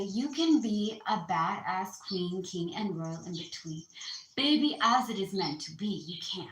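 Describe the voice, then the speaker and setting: A woman's voice: medium pitch, fairly bright tone, echoey room, low-quality recording. A woman giving a casual astrology card reading, chatty and slangy, calling her listeners baby. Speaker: tarot card reader.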